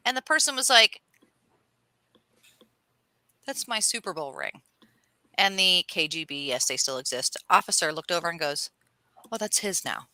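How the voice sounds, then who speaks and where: A woman co-hosting a casual chat show, telling stories in a lively, animated way. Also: fairly low pitch, moderate pace, long pauses, no room sound, rough recording. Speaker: co-host.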